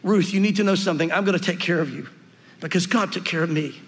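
A man voicing a kindly, protective older male landowner in an earnest, gentle tone. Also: high voice, quick pace, voice pushed down. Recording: long reverb of a hall.

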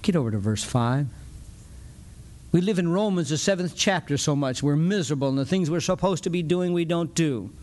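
A man with a fairly high voice delivers a folksy, conversational sermon. He talks animatedly, acting out little exchanges and chuckling as he goes. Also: quick pace, hardly any pauses. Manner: animated, folksy, acts out dialogues with frequent chuckles. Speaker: preacher.

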